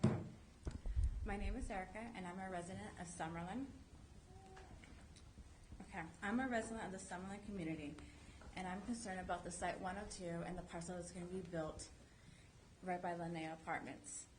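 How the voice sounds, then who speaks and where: A woman's voice: lowish voice, fairly quick, pauses often, noisy background. A woman speaking as a resident during public comment at a city council meeting, emphatic and insistent, repeating her points.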